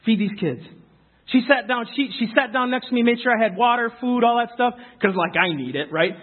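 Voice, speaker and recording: A man's voice: very high voice, brisk. A young man giving an informal, chatty speech to a live audience, telling stories earnestly and with emphasis. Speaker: speaker addressing a youth audience. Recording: tinny phone-like sound.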